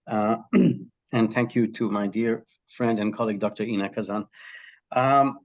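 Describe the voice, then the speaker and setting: A man's voice: lowish voice, fairly even intonation, normal speed. A man from Israel, a health psychology professor, telling stories as a guest in a conversational interview, with frequent ums and restarts.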